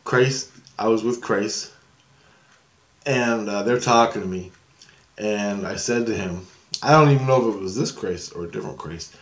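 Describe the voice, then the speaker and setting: A man's voice: fairly low pitch, normal speed, pauses often. A man telling a rambling story to camera in a casual way, laughing often and losing his thread. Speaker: vlogger.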